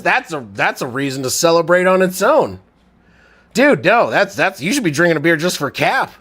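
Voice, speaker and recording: A man live-streaming play-by-play commentary while reading chat, a little drunk and with a strained throat, swinging from low mumbles to loud shouts. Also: lively intonation, a little fast. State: tipsy, drinking. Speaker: livestream sports commentator.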